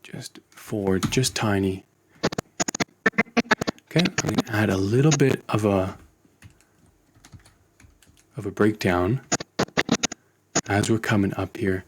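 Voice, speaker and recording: A man teaching animation in a screen-recorded tutorial, relaxed and thinking aloud as he works. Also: lowish voice, slow pace, pauses often, very noisy. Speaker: animation instructor.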